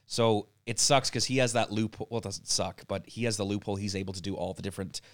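A man's voice: on the low side, steady tone, fast talker, no echo. A man with a Canadian accent, a comedian guest chatting loosely on a podcast, swearing and slipping into mock voices. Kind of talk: casual podcast chat.

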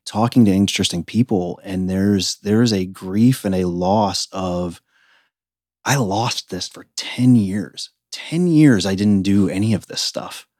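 A man's voice: sits low, a little slow, darkish tone, dry recording, studio quality. A man in his thirties from the United States, a podcast guest telling his story in an earnest, reflective way. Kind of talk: casual interview conversation.

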